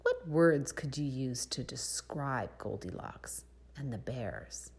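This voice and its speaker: A woman reading a picture book aloud to children in a soft, breathy, expressive way, pausing to ask them questions. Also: rumbling low. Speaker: children's storyteller.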